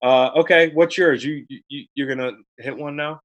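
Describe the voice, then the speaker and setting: A man's voice: mid-range voice, normal speed, a bit bright, lo-fi sound. An adult man co-hosting a podcast in casual chat, wry and rambling, with some swearing. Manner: wry, rambling banter with profanity. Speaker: podcast co-host.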